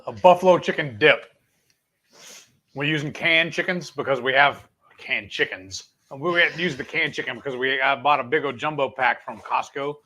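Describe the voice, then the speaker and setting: A man's voice: mid-range voice, normal speed, pushed and bright. A man, co-hosting a casual cooking livestream in an easygoing, chatty way. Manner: easygoing, talks to viewers as y'all. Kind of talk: casual live-stream chat.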